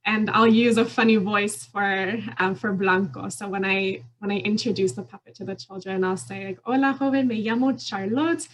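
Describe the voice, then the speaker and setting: A woman's voice: medium pitch, little pitch movement, normal speed, hardly any pauses, a little hiss or hum, poor audio. A woman lawyer giving an earnest, explanatory conference presentation with occasional fillers. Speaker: immigration attorney.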